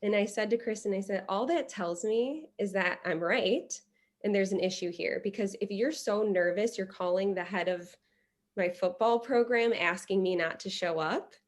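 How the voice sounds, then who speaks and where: A young adult woman from Illinois, a podcast guest telling a story in a lively, conversational way, with many restarts. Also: mid-range voice, normal speed. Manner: animated, many restarts and quoted dialogue.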